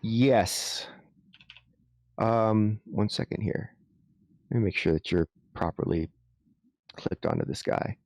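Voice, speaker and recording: A man running a tabletop game as game master, explaining rules in a halting way with frequent restarts. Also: on the low side, creaky, darkish tone, no room sound, clean studio sound.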